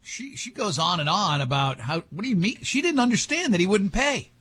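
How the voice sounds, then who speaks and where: A man hosting a morning radio show, bantering and running a quiz with quick jokes and frequent laughs. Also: high voice, very animated, a bit bright, breathy edge, no room sound. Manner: joking, laughs often, quick asides. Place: radio studio.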